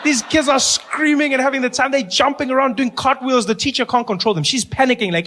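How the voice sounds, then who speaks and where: A man's voice: very high voice, brisk, hardly any pauses. A man, telling a stand-up story and acting out the people in it with voices. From South Africa. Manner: animated, acts out characters with voices. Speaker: stand-up comedian. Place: stage before a live audience.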